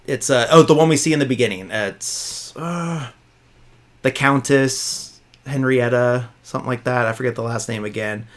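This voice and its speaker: A man hosting a podcast, casually recapping a film's plot, full of fillers and quick asides where he quotes the characters. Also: mid-range voice. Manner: rambling, filler-heavy, quoting characters in a flat voice. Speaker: podcast host.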